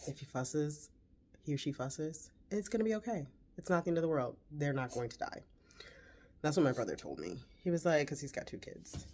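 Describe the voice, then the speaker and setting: A woman's voice: sits low, lively intonation, brisk, a little mellow. A woman in her forties, a mother, chatting casually to the camera while she makes breakfast at home. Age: 40s. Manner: chatty, talks while cooking. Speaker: vlogger mother. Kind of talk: casual vlog talk. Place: home kitchen. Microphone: camera set on the counter.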